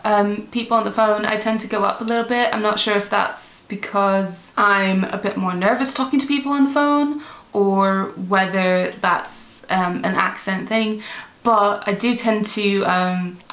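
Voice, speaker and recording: A woman's voice: medium pitch, a bit bright, echoey room. A woman from Michigan with a Midwestern American accent that drifts a little British, chatting casually to camera at home, self-amused and laughing often, with plenty of ums. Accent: Michigan Midwestern American, partly drifting British. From Michigan, USA. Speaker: vlogger.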